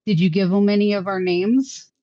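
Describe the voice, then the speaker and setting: A woman's voice: mid-range voice, steady tone, normal speed, mellow, no room sound, lo-fi sound. A woman playing a tabletop game who talks in an anxious, joking way. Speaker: player. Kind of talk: tabletop role-play chat.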